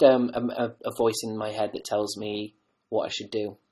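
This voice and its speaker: A man's voice: fairly low pitch, little pitch movement, moderate pace, dark tone, poor audio. Rambling man livestreaming. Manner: rambling, giggly, trailing off. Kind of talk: casual livestream chat.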